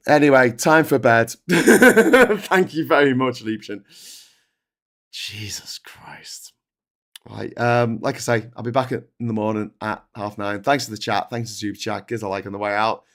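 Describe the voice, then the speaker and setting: A middle-aged man hosting a live stream, talking in casual, animated, sweary commentary. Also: medium pitch, moderate pace.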